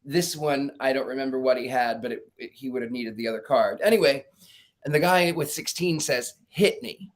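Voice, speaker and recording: A man's voice: mid-range voice, fairly quick. A middle-aged man, a psychic guest in an interview, telling stories with animation and acting out quoted lines, laughing often. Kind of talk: casual storytelling interview.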